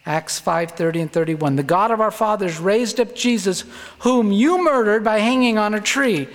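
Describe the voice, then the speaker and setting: A middle-aged man preaching earnestly, slowing down to lean on key words. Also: sits high. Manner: earnest, emphatic, slows down to stress words. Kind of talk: sermon-style Bible teaching. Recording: long hall reverb.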